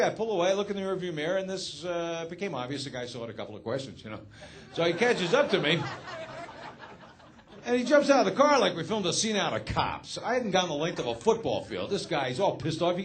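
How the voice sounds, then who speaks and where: A man doing a stand-up comedy set, telling a story in a deadpan, sardonic way. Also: sits high, quick pace.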